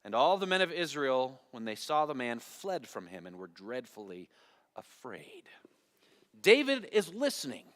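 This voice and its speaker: A pastor with a high, fairly bright voice preaches a sermon, telling a Bible story dramatically, acting out the biblical voices, and asking the congregation questions. He speaks in a church sanctuary, and the recording carries the long hall reverb of a church.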